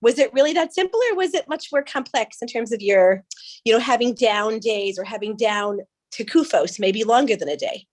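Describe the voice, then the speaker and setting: Brief: fairly high-voiced woman, polite and a bit hesitant, asking a question on a video call. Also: animated, moderate pace. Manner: polite, warm, a little hesitant with restarts. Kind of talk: question in an online group call.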